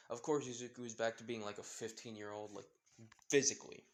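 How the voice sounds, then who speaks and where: A young man spins a fan fiction story off the top of his head, his voice sitting at an ordinary middle pitch. He rambles and trips over his words, fixing himself mid-sentence and leaning on filler words as he goes. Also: fairly even intonation, brisk. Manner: rambling, full of fillers and self-corrections. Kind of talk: improvised fanfiction storytelling.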